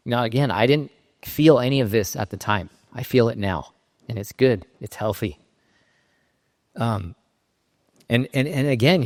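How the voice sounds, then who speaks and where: A middle-aged man from Southern California giving a keynote talk, telling a personal story in a halting, emotionally raw way with frequent restarts. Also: mid-range voice. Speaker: keynote speaker. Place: conference stage in a large hall. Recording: reverberant hall sound.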